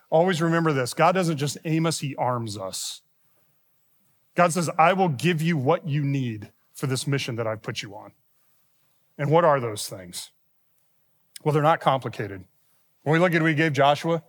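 Pastor preaching in an echoing sanctuary. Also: male voice, fairly high pitch, fairly bright tone. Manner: preaches with rising emphasis on quoted scripture. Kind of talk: sermon. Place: church sanctuary. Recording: long reverb of a church hall.

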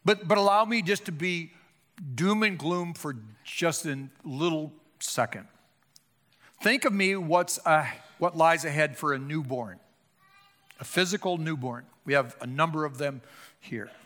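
An older man preaching a sermon, impassioned, swinging between loud emphatic calls and hushed low appeals. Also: measured pace. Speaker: pastor. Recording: long hall reverb.

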